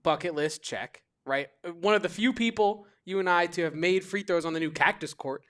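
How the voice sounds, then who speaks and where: A man hosting a sports talk show, chatty, jumping in with quick asides. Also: high voice, fairly bright tone.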